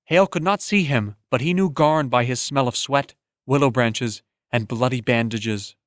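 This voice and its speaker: Male audiobook narrator, steady and measured, mid pitch, dry close mic. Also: no echo. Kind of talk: scripted narration.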